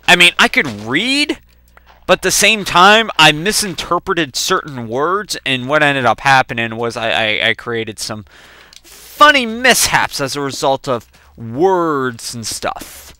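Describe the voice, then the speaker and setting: A young man rambling through profane, animated personal anecdotes while playing a video game. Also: a little high, a little slow, clear, resonant tone, no room sound. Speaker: let's play gamer. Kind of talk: casual storytelling while gaming.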